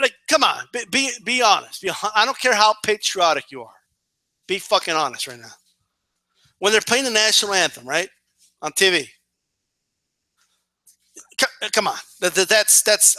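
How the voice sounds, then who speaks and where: Man, high voice, piercingly bright, profane ranting commentary, dry close sound. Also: no room sound. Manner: profane, emphatic, filler-heavy with frequent "right?". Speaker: political commentator.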